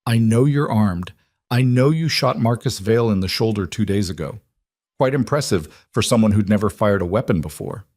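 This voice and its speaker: A man reading the lines of a calm, cultured female assassin who taunts her target. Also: on the low side, normal speed, dry recording, clean studio sound. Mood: taunting.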